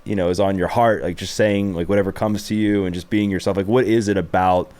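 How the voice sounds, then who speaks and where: Guy hosting a podcast, really deep smooth voice, earnest and kinda rambly. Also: steady tone, fairly quick, darkish tone. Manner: earnest, rambling questions with many fillers. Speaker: podcast host. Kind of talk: casual interview chat.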